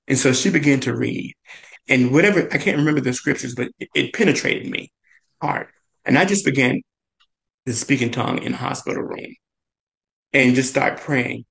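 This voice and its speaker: A guest chef earnestly tells a personal story in a slightly bright voice with a gravelly edge, captured on poor audio. His speech is halting, broken up by frequent "and, uh" fillers, and his pitch leaps up whenever he quotes someone.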